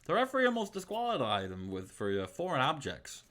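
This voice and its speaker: A man with a bright, tense-edged voice in casual banter with his co-host over a wrestling game. His delivery rises and falls widely as he teases and jokes. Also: mid-range voice, huge pitch swings, fairly quick. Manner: teasing, joking.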